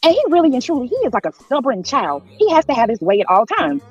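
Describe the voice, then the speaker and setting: A woman speaks fast and with lively swings of pitch as she talks casually on an online panel. Her voice is husky. The audio is dry and dull, like lo-fi stream sound, with faint music under it. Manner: fast, animated, full of fillers. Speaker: panel guest. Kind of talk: casual heated chat.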